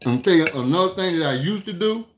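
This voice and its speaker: Folksy guy with aave talking cooking, chatty storytelling, kinda high voice. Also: expressive, a little hiss or hum. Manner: folksy, chatty, drawn-out storytelling with lots of "man" and "y'all". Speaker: cooking channel host. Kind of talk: casual cooking talk to viewers.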